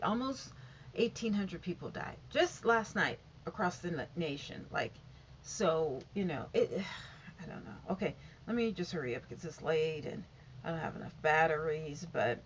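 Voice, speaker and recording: A woman's voice: mid-range voice, lo-fi sound, slight background noise. A woman vlogging from home, reading out statistics in a rambling, casual way and often stumbling over and correcting the numbers. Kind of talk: casual update reading figures aloud.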